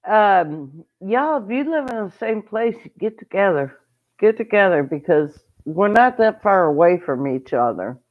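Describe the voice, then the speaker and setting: A woman's voice: mid-range voice, big pitch swings, a little slow, phone-quality sound. A woman hosting a homestead channel, telling a story in a casual livestream and breaking off to greet viewers. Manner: chatty, rambling, greets viewers mid-story.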